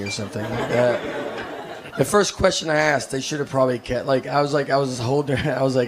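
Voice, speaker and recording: A man from Tennessee, in his thirties, doing a rambling, deadpan, self-deprecating stand-up set on a theater stage. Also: medium pitch, fast. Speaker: stand-up comedian. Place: theater stage with a laughing audience. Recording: live stage recording with clear noise.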